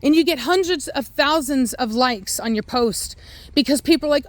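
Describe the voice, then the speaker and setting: A woman's voice: sits high, moderate pace, no echo. A woman who breeds and trains dogs, ranting bluntly and with exasperation in an opinionated commentary.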